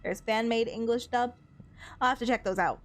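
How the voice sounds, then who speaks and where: A woman's voice: a little high, moderate pace, soft background music. A young woman streaming a game, chatting casually, gushing about the characters and giggling often. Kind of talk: casual gameplay commentary.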